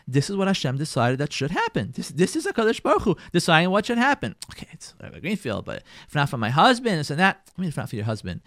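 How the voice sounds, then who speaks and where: A man's voice: fairly high pitch, quick pace, hardly any pauses, no room sound, studio quality. A middle-aged man, a rabbi teaching a Torah class on marriage, acting out everyday scenarios and repeating phrases for emphasis. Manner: animated, acts out everyday scenarios.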